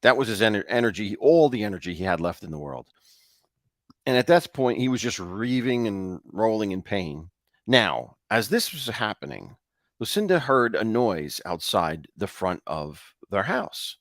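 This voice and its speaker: A man co-hosting a show, casually retelling a ghost story in a loose, halting way. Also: fairly low pitch, big pitch swings, a bit bright, dry recording, clean studio sound. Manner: loose, with fillers and restarts. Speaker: co-host.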